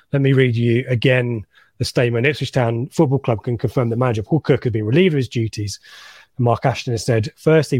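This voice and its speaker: A man's voice: mid-range voice, a little mellow, no room sound, studio quality. A man hosting a casual football chat show, joking and reading out listener comments. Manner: chatty, jokey, reads listener comments. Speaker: podcast host.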